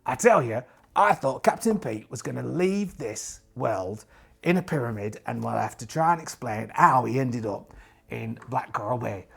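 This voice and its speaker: A man narrating a solo tabletop game as host, chatty and animated with jokey asides, his voice tired and strained. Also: medium pitch, moderate pace, gravelly, husky.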